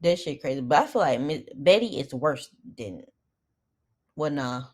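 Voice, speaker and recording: A woman's voice: low-pitched, animated, a little slow, darkish tone. A young woman recapping a reality show in blunt, profane, opinionated casual commentary.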